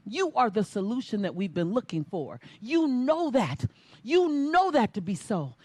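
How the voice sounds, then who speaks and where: A woman delivering a rousing motivational talk with a high, swooping voice. She preaches and storytells, pulling the crowd into chanted call-and-response, heard dry and up close. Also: big pitch swings, measured pace, darkish tone, dry recording. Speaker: motivational speaker. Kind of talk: inspirational stage talk with storytelling.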